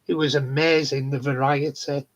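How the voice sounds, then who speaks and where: A man's voice: medium pitch, little pitch movement, normal speed. A man chatting casually on a live stream, telling funny stories, swearing freely and laughing often. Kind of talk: casual chat. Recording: dull lo-fi sound.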